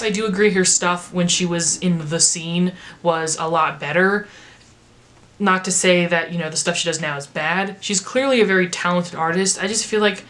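Brief: American woman, slightly low voice, rambling casual music-review vlogger. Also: a bit bright, a little hiss or hum. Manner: rambling, filler-heavy chatter. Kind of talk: casual vlog commentary.

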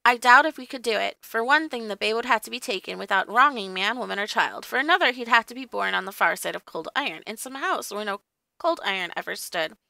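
A woman voicing a grave, thoughtful fairy knight-king in an audiobook, speaking slowly and doubtfully. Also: on the high side, animated, creaky, bright, forceful tone, dry recording, full character voice. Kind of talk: audiobook character reading.

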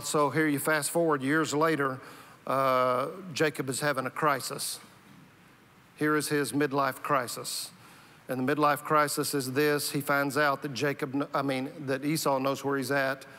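A man's voice: medium pitch, fairly bright tone. A male pastor preaching a sermon in a conversational way, often restarting and repeating words. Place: church sanctuary. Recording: reverberant church hall.

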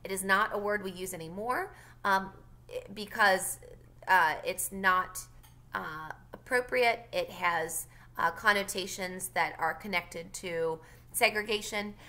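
A woman teacher reading a novel aloud for her class, pausing for brief explanations. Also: mid-range voice, bright, forceful tone.

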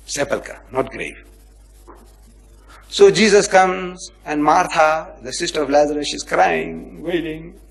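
Reading verses aloud in a religious lecture, a man explains them dramatically, posing rhetorical questions, acting out quoted speech, and swinging from loud emphasis to near-whispers. His voice is fairly high and creaky, he takes it slowly, and the recording is rough.

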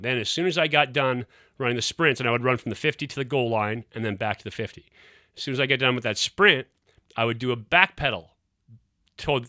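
A man's voice: mid-range voice, no echo, studio quality. A middle-aged man, a former quarterback hosting his show, telling a story casually and acting out the quotes. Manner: animated, acts out quotes.

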